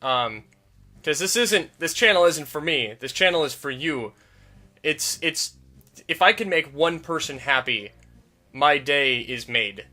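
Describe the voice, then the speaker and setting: A man's voice: a little high, bright, forceful tone. A young man hosting a video game channel, talking casually and self-deprecatingly, with restarts and giggles. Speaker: gaming YouTuber. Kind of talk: casual gameplay commentary. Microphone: desk mic.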